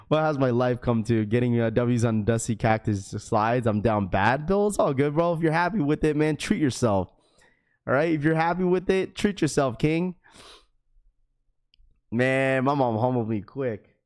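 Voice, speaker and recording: A man's voice: medium pitch, lively intonation, unhurried, a little mellow, no room sound, studio quality. A young man of Filipino heritage hosting a casual livestream, loose and slangy, joking and laughing with his chat. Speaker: livestream host.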